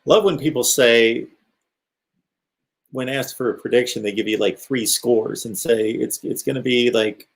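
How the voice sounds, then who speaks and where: A man's voice: on the low side, fairly even intonation, a little slow, creaky. A middle-aged man from the American Midwest hosting a live call-in show, chatting casually and rambling as he reads out chat comments. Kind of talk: casual live-stream talk.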